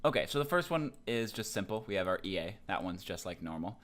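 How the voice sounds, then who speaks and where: Young guy, lowish voice, laid-back language tutor who talks loosely. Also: a little fast. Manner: relaxed, loose, with many ums and likes. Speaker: Japanese language teacher. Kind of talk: casual explanatory lesson.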